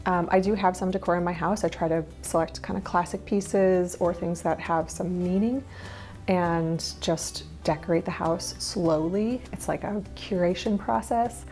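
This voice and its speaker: A woman's voice: lowish voice, fairly even intonation, normal speed, darkish tone. A woman in her thirties talking through her minimalist habits in a casual vlog, chatty and candid with small laughs and asides. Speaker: minimalist lifestyle vlogger.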